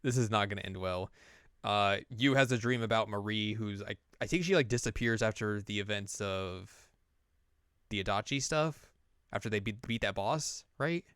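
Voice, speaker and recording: A man's voice: lowish voice, moderate pace, a bit bright, smooth, dry recording, studio quality. A man hosting a podcast, chatting casually as he recaps an anime and acts out the scenes. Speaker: podcast host.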